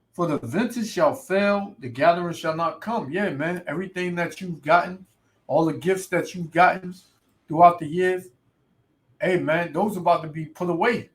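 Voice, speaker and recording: A man preaching in a ranting way, reading scripture slowly and adding "man" and "right" to nearly every line. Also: fairly high pitch. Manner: reads scripture slowly and loudly. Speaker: street preacher. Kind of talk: ranting sermon video.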